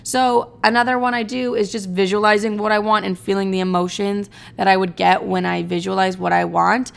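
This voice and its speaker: A woman's voice: medium pitch, creaky. A young woman vlogging in casual chat, chatty and profane, mocking herself and saying "like" a lot.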